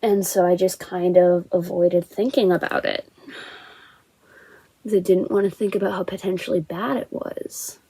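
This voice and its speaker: A woman's voice: on the low side, fairly even intonation, unhurried, mellow, slightly rough, no room sound, poor audio. A young woman vlogger telling a personal story casually and candidly, swearing now and then and acting out the dialogue.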